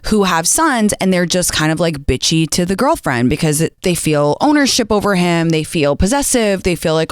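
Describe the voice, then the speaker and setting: A woman's voice: on the low side, lively intonation, moderate pace, clear, resonant tone, no echo, studio quality. A woman hosting a call-in advice show, talking frankly and casually with lots of "like" and some swearing. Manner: chatty, frank, says "like" a lot, swearing.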